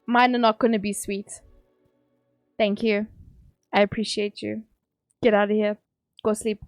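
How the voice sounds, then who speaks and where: A woman's voice: medium pitch, flat delivery, unhurried, no room sound, studio quality, faint music behind. A woman streamer from England chatting casually with her stream chat, teasing and joking as she reads messages aloud.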